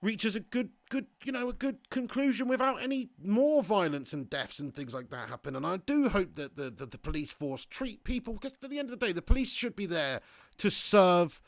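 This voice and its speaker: A man streaming a football game live, commentating excitably and chatting with viewers. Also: high voice, normal speed, no echo. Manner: excitable, swearing, chatty banter. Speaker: gaming livestreamer.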